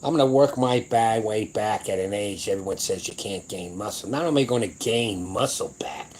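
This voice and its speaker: A man's voice: on the low side, normal speed, darkish tone, a little hiss or hum, poor audio. A man in his seventies hosting his own powerlifting channel, talking in a blunt, rambling, profane and boastful way in a casual livestream chat. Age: 70s.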